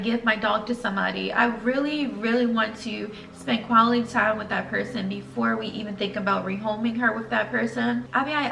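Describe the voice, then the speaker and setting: A woman's voice: a little high, creaky, fairly bright tone, echoey room, far from the mic, a little hiss or hum, rough recording. A young woman telling an emotional story to her viewers in a casual vlog, earnest and direct. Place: home room.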